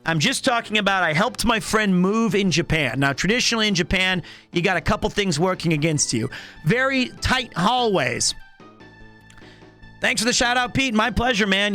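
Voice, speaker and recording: A man in his thirties chatting casually on a live stream, animated and rambling with lots of restarts. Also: high voice. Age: 30s.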